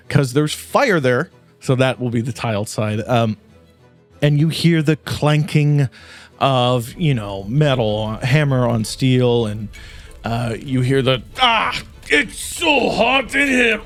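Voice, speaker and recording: Lively male game master narrating. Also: medium pitch, takes it slowly, soft background music. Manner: animated, switching into character voices.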